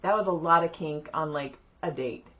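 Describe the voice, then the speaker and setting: A woman's voice: sits low, normal speed, dull audio. A woman co-hosting a casual podcast, telling a story animatedly and acting out what people said. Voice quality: bright voice, animated storytelling with acted-out quotes. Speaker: podcast co-host.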